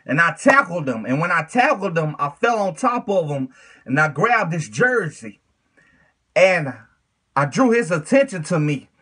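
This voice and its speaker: A man's voice: a little high, big pitch swings, a little slow, sharp tone, husky. A man preaching earnestly in a casual, informal way, telling of a dream and then speaking straight to the listener as "my friend.". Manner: plain informal speech, says "man". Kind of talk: devotional sermon.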